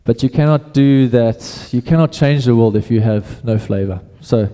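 Casual preacher in a reverberant hall. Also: male voice, mid-range voice, normal speed, warm tone. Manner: casual, conversational preaching with repeated restarts. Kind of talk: sermon.

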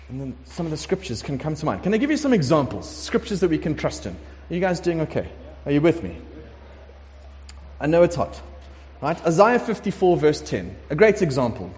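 A man preaching a conversational sermon, emphatic and lively, sometimes acting out prayers. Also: a little high, fairly quick. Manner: conversational, emphatic, acts out prayers in shifting voices. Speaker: pastor. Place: warm room with congregation. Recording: long hall reverb.

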